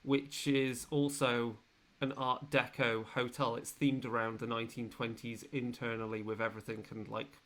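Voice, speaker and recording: A man's voice: medium pitch, little pitch movement, moderate pace, a bit bright. A man hosting as game master, introducing his players and the tabletop game in a chatty, rambling way with many fillers.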